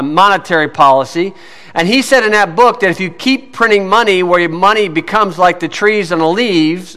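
Man, high bright voice, folksy storytelling preacher, says "you see" a lot, reverberant hall. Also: clear, resonant tone. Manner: drops to a low mutter when telling stories. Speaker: preacher teaching on scripture and law. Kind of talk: folksy teaching sermon.

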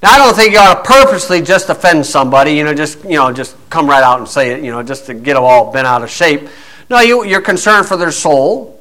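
A man's voice: a little high, expressive, brisk, sharp tone, low-quality recording. A man preaching a blunt monologue in a combative, scornful, folksy way, full of fillers.

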